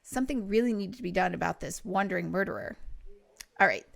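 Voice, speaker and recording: A woman's voice: mid-range voice, quick pace, creaky, no echo. A woman hosting a podcast, reading a cozy novel aloud and breaking off for casual, laughing asides. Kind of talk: storybook read-aloud with chatty asides.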